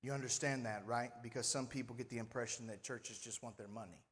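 Pendeta pria berbicara santai di gedung gereja yang bergema. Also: male voice, mid-range voice, steady tone, quick pace, a bit bright, in a large hall, slight background noise. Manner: conversational, asks the congregation for responses. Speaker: pastor. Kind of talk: sermon. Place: church sanctuary.

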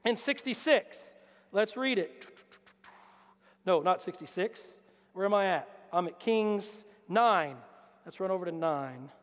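Male pastor, very high voice, animated preacher who acts out scripture characters, long church-hall reverb. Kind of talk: lively sermon.

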